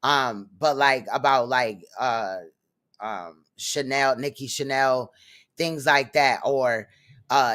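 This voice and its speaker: A man's voice: medium pitch, sharp tone. A man hosting a casual commentary stream, talking bluntly and profanely with a rambling flow. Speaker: host.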